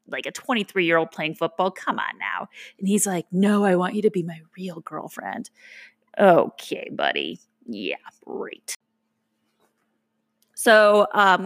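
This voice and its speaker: A middle-aged woman telling a personal story in a casual, animated way, jumping up high when she acts out quotes. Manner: animated, acts out quotes with big pitch jumps.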